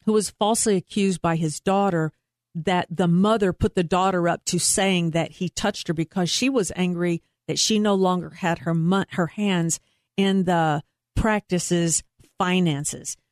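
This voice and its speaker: A woman's voice: fairly low pitch, steady tone, unhurried, no room sound, clean studio sound. A woman working as a private investigator, talking earnestly and emphatically as a guest in an interview. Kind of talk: interview conversation.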